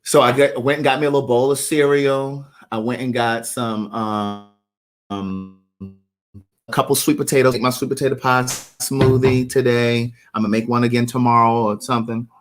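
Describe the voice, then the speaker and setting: A man's voice: medium pitch, fairly even intonation, moderate pace, faint music behind. A man hosting a livestream, telling a story casually and animatedly while addressing viewers by name. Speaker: livestream host.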